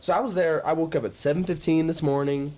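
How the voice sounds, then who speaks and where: A man's voice: on the high side, steady tone, fast talker, dark tone. Rambling man telling stories, full of fillers. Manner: rambling storytelling with many filler "like"s. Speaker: guest. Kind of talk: casual chat.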